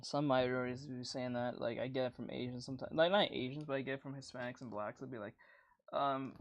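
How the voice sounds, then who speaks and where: A man's voice: mid-range voice, steady tone, quick pace, no echo, lo-fi sound. A young man with a boyish, youthful-sounding voice chatting casually on a livestream, rambling, laughing often and swearing freely.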